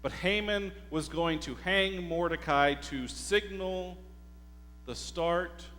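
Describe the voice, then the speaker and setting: A male pastor preaching a sermon, telling the story slowly and deliberately and putting rhetorical questions to the congregation. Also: high voice, a bit bright. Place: church sanctuary. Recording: hall reverb with faint mains hum.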